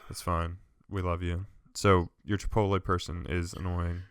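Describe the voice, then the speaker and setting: A man's voice: sits low, level tone, normal speed, clear, resonant tone, no room sound, studio quality. A young man co-hosting a podcast, laid-back and teasing in casual chat. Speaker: podcast co-host.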